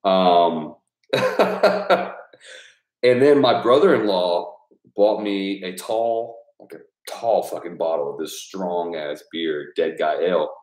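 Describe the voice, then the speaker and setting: A man with a lowish voice chats casually with his supporters. He rambles, swears freely and laughs a lot. The room around him rings with a noticeable echo. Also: lively intonation, slow pace. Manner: loose, profane and rambling, laughing often. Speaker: YouTube creator thanking patrons. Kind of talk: casual live chat with supporters.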